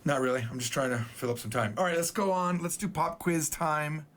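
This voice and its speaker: A man's voice: fairly high pitch, fairly quick, fairly bright tone, a little hiss or hum. A man teaching a casual Japanese numbers lesson, playful and joking as he goes.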